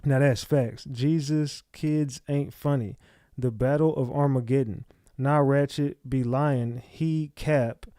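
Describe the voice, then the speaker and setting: A man's voice: mid-range voice, fairly even intonation, takes it slowly, mellow, dry recording, clean studio sound. A man hosting a livestream, reading chat comments aloud and snapping back at viewers in blunt, profane casual talk. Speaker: livestream host.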